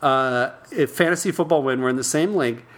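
A middle-aged man co-hosting a casual sports and beer podcast, animated and jokey, prone to mocking outbursts. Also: medium pitch, brisk. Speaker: podcast co-host.

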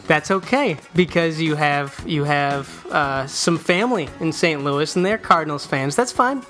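A man with a bright, forward voice co-hosting a loose sports podcast. He rambles, stops and restarts his sentences, and chuckles as he goes. Faint music sits under the talk. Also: fairly high pitch, measured pace. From American Midwest. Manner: rambling, self-correcting, chuckles often. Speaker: podcast co-host. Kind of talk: casual sports chat.

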